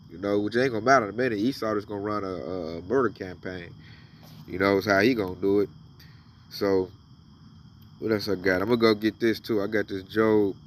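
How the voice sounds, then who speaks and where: A man's voice: lowish voice, recorded from a distance, a little hiss or hum. A man giving casual, emphatic commentary on scripture, reading verses aloud and then riffing on them. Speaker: religious commentator.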